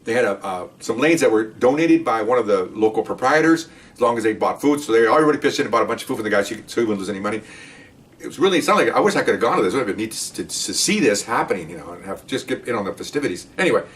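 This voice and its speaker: A middle-aged man and former police detective telling stories from the job in a casual, animated way. He often acts out what people said and keeps checking in with "okay?". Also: lowish voice, rapid-fire, recorded from a distance. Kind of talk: casual storytelling podcast.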